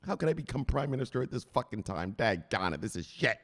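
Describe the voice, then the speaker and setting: A man's voice: mid-range voice, very animated, fast. A man putting on the voice of a frightened male wartime president who swears and whines in a frantic rush. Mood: panicked.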